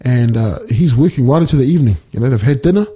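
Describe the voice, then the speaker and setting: A man giving a casual devotional talk, speaking haltingly with many restarts and fillers. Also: medium pitch, expressive, warm tone, husky. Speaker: Bible study speaker.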